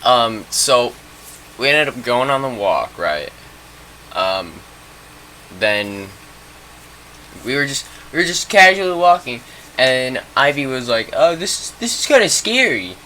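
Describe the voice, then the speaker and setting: A man's voice: medium pitch, lively intonation, takes it slowly, pauses often, sharp tone, a little hiss or hum. A young man telling a rambling, profane story in a casual storytime vlog, full of fillers.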